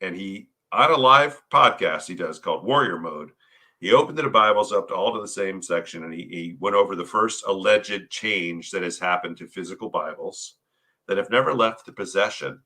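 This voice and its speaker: A man's voice: low voice, moderate pace, bright, forceful tone. A male guest on a podcast explaining his views in an earnest, conversational way, often tagging "right?" onto his points. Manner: earnest, keeps asking "right?". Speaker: podcast guest, paranormal author. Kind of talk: conversational interview.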